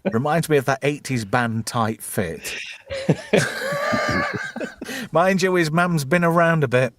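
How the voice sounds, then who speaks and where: A man's voice: fairly high pitch, takes it slowly, very noisy. A man hosting a casual, crude chat show, riffing bawdy jokes and laughing a lot. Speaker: podcast host.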